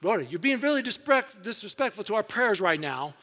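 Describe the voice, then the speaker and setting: A man voicing indignant church members who hush and scold a servant girl during prayer. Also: high-pitched, very animated, a little fast, heavily acted. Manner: scolding, hushing. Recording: long hall reverb.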